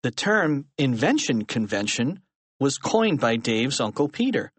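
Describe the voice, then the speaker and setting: Animated man reading a storybook. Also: mid-range voice, measured pace, breathy edge, no echo. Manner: animated reading with lively character voices. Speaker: audiobook narrator. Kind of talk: scripted narration.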